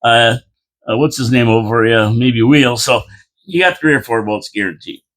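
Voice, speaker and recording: A man's voice: mid-range voice, moderate pace, a bit bright. A man hosting a casual local politics show, rambling and chatty, repeating phrases and reading out viewer comments with mock-indignant asides.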